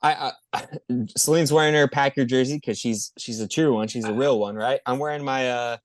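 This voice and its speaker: A man co-hosting a podcast, chatting casually about football in an excitable, profane, rambling way. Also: mid-range voice, normal speed, no room sound, studio quality. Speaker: podcast co-host. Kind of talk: casual sports chat.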